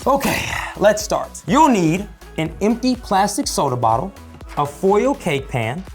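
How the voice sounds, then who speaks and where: Calm woman co-hosting a kids' show. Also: mid-range voice, measured pace, faint music behind. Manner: calm, steadying and explanatory. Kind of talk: scripted kids' skit.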